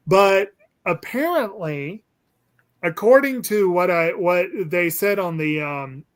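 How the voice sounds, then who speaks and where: A man's voice: high voice, lively intonation, slow pace, long pauses. A man hosting a casual movie discussion, rambling and hesitant with lots of ums and restarts. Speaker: podcast host.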